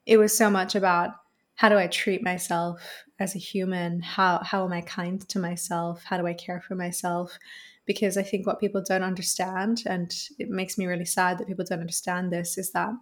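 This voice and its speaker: A woman's voice: lowish voice, level tone, moderate pace. Earnest woman explaining voice work. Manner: earnest, flowing, repeats phrases for emphasis. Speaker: voice coach guest. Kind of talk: reflective interview answer.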